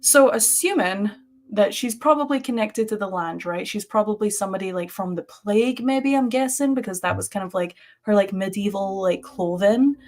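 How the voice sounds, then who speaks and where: Animated woman telling a ghost story. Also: medium pitch, moderate pace. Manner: animated, lots of "like" fillers. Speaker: podcast co-host. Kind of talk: casual live-stream storytelling. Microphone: webcam on a live stream.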